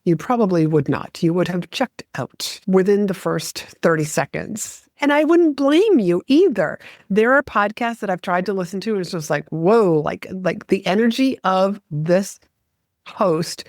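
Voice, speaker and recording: A woman's voice: medium pitch, expressive, measured pace, darkish tone, no room sound, clean studio sound. A middle-aged woman hosting a solo podcast, speaking expressively and varying her pace and tone for emphasis. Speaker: podcast host.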